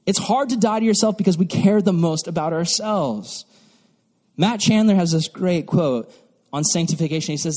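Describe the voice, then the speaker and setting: A man's voice: high-pitched, moderate pace. Young pastor guy preaching to teens, lots of playful voices, church hall echo. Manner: animated, acts out mocking voices. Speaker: youth pastor. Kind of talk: sermon. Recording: long reverb from a hall.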